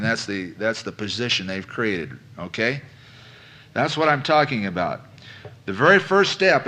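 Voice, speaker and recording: A man's voice: medium pitch, pushed and bright. A man giving a business seminar lecture to a live audience, folksy and conversational, asking questions and repeating phrases for emphasis. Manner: folksy, addresses listeners as folks.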